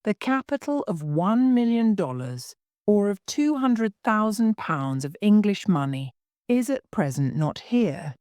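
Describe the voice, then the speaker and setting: A woman voicing a kindly old gentleman lawyer who explains matters slowly, in a polished and formal way. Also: mid-range voice, very animated, dry recording, studio quality. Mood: patient. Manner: careful, polished, slow explaining.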